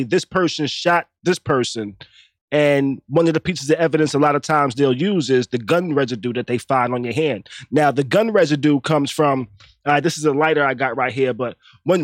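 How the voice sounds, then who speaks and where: A man's voice: a little high, no echo, studio quality. A man hosting a casual podcast from his home, chatting in slang and laughing often. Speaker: podcast host. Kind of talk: casual chat.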